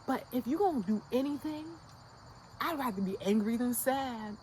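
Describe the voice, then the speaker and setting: A woman's voice: a little high, expressive, moderate pace, a little mellow, slight background noise, poor audio. An American woman giving a casual, emphatic motivational rant to her channel, blunt and slangy, hammering her points through repetition. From United States. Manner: fired-up and insistent. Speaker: YouTube creator.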